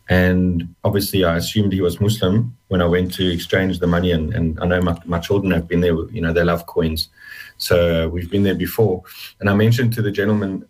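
A man with a very low, husky voice gives a heartfelt personal testimony as an interview guest. He speaks in quick bursts, stumbling and repeating words as he goes. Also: poor audio.

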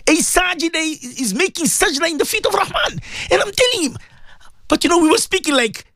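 Animated radio cleric. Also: male voice, extremely high pitch, fairly quick, no room sound, studio quality. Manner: animated, emotional storytelling with religious phrases. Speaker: radio host and Muslim cleric. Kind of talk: radio talk show storytelling.

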